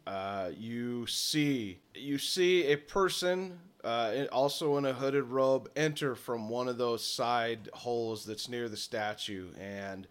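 A man narrating a tabletop game as its game master. He talks in a relaxed, casual way, with plenty of fillers and the odd swear word. His voice sits at a middling pitch. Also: slow pace, hardly any pauses, smooth.

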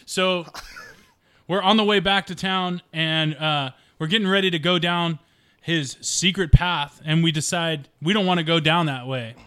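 A man at a tabletop game recounts the story casually, stumbling now and then. His voice is bright and sharp and sits slightly high. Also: a little slow, clean tone. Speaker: player.

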